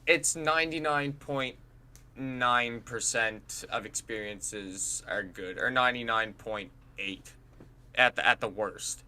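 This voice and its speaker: A man co-hosting a podcast, telling animated stories in casual chat, swearing and laughing often. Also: medium pitch, takes it slowly. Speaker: podcast co-host and streamer.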